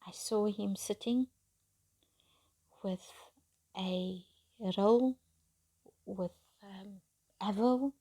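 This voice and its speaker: A woman's voice: medium pitch, vocal fry, dark tone. A middle-aged woman telling her own story in a confiding, half-whispered voice. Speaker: storyteller recounting her marriage. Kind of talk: personal storytime monologue. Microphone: phone.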